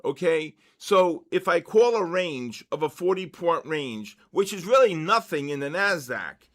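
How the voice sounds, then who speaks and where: Male, 60s, veteran trading host; slightly raised pitch, forceful lecturing delivery with constant check-ins. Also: lively intonation, a little slow, few pauses. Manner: emphatic, lecturing, repeats points with "okay?" and "all right?". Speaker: trading educator hosting a live session. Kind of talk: live-streamed trading lecture.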